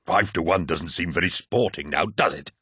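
A man's voice: low voice, moderate pace, bright, forceful tone, slightly rough, dry recording, clean studio sound, full character voice. A man voicing a towering superhuman warrior captain in an audiobook who speaks coldly and with menace. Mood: menacing. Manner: cold and menacing. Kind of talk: audiobook character voice.

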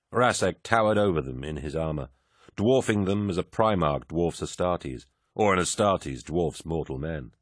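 A man narrating an audiobook in scripted, measured storytelling. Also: low voice, dry recording, studio quality.

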